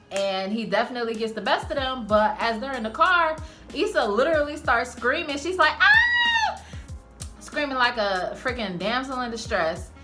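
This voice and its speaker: A woman giving a casual, slangy, profane recap of a TV episode as a channel host. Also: a little high. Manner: animated, slangy, profane storytelling. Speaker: TV show reviewer.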